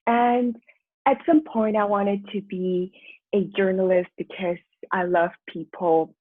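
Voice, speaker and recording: A woman's voice: medium pitch, steady tone, slow, no echo. A woman guest, a personal transformation mentor, telling her life story in a chatty way, often laughing and acting out her own past thoughts. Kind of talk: candid storytelling interview. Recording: dry phone-like line.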